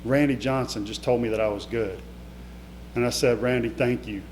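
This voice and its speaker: A middle-aged man tells personal stories in a motivational speech, emotional and conversational, often turning to address the audience directly. His voice is of mid pitch for a man. It rings through an echoey hall over a faint background hum. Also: fairly even intonation, moderate pace, a little mellow. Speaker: keynote speaker. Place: event hall before a live audience.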